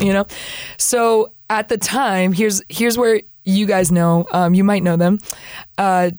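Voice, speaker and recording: A young woman from Peru, a guest telling her faith story in animated conversation, acting out what others said and laughing often. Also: mid-range voice, normal speed, no echo, studio quality. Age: young adult. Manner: animated, acts out quoted voices, laughs often. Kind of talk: lively storytelling testimony.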